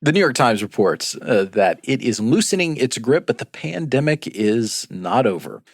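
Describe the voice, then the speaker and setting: A man co-hosting a news podcast, explaining stories in a measured, casual way with frequent fillers. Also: medium pitch, dry recording, studio quality. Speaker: podcast co-host.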